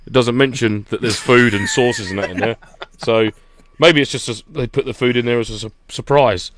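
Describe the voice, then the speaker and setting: A man's voice: medium pitch, normal speed, fairly bright tone. A man co-hosting a podcast, ranting with laughter in a casual chat. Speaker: podcast co-host.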